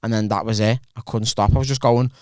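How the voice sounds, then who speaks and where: A man's voice: lowish voice, fast talker, dry recording, clean studio sound. A young adult man hosting a podcast, telling a rambling, profane story in casual chat. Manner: rambling, profane, animated anecdote. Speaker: podcast host.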